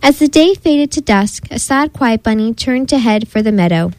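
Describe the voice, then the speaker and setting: A woman with a high voice reads a children's picture book aloud, gentle and expressive, playfully imitating animal sounds as she goes. The recording is dry and close, with no room sound. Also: normal speed, dry recording, poor audio. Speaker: storybook reader.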